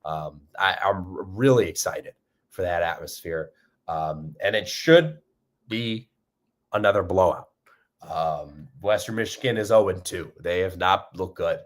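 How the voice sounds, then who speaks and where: Casting: young male fan-show host, deep voice, loose rambling delivery with fillers. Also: a little slow. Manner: rambling, upbeat, many fillers and restarts. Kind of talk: casual fan commentary.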